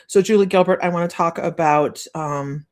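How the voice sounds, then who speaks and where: A middle-aged psychic medium with a lowish voice gives a live-streamed reading. She is chatty and rambling, pausing and restarting often.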